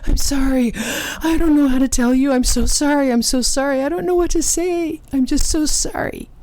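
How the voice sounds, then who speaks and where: Woman doing a distraught grieving woman, choked and tearful, voice pushed up high and loud over her usual low tone. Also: moderate pace, dry recording, lightly acted. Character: sobbing grieving woman, overwhelmed and apologetic.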